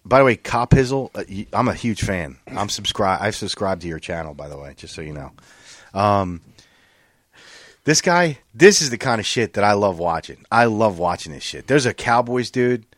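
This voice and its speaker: A man's voice: fairly low pitch, normal speed, no echo, clean studio sound. A man hosting a podcast, telling funny stories in a casual, profane way and acting out what people said. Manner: animated, profane storytelling with acted-out quotes. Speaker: podcast host. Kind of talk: casual chat.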